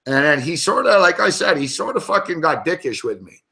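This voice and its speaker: A man's voice: on the high side, sing-song, a little fast, gravelly, pushed and bright. A man on a sports betting show telling a heated story in casual, profanity-heavy talk.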